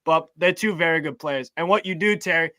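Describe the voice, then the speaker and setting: Male panelist, bright slightly high voice, opinionated tactics talk. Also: brisk, dry recording. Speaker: podcast panelist. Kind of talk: casual fan podcast debate.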